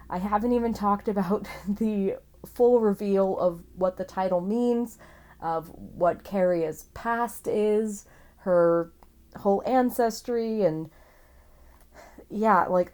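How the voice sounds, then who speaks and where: A woman's voice: medium pitch, warm tone. A woman casually reviewing a book series to camera, gushing and rambling with enthusiasm and the odd swear word.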